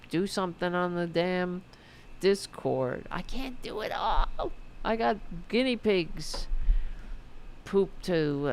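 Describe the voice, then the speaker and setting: A woman's voice: lowish voice, slight background noise. A middle-aged woman hosting a podcast, chatting casually to her live audience, rambling and self-mocking, swearing freely. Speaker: podcast host. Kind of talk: casual late-night livestream chat.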